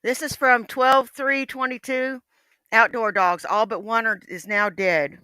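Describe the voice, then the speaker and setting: A woman's voice: fairly high pitch, steady tone, measured pace, pushed and bright, clear, resonant tone, no echo. Brief: woman streamer, dry close sound, folksy and profane chatter. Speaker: livestream host. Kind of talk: casual livestream chat.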